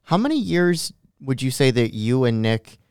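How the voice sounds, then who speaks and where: A man hosting a casual interview, chiming in with quick, curious questions. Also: mid-range voice, big pitch swings, darkish tone, clean tone, no room sound, studio quality. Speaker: podcast host.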